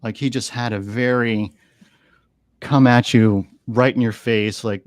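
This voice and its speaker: A man's voice: medium pitch, steady tone, moderate pace, no room sound, clean studio sound. A man talking earnestly on a podcast, telling stories and often repeating words as he gathers his thoughts. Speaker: animal communicator guest. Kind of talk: storytelling interview talk. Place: podcast studio.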